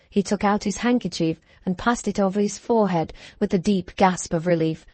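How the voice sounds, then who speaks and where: A woman narrating a classic novel as an audiobook, telling the story calmly and evenly. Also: mid-range voice, fairly quick, hardly any pauses, dry recording.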